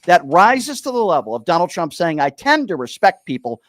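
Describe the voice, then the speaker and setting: A man's voice: sits high, big pitch swings, moderate pace, no room sound, studio quality. A man hosting a heated political debate, combative and sarcastic, cutting in on his opponent.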